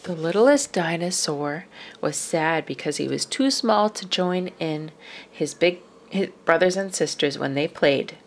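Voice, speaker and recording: Storybook reader, woman, low-pitched and expressive, faint hiss behind. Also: unhurried. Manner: expressive, drops to whispers for suspense. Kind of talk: children's book read-aloud.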